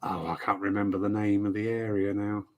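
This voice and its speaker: A man's voice: lowish voice, flat delivery, fairly quick, a little mellow. A man hosting a casual live-stream chat, a spiritualist service leader who talks in a rambling way with playful asides. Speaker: host.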